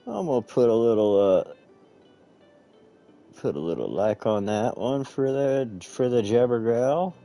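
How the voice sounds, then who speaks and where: A man hosts a casual live game stream, rambling and swearing to his chat as he clicks through menus. His medium-pitched voice is expressive, unhurried, and mellow, with faint music in the background.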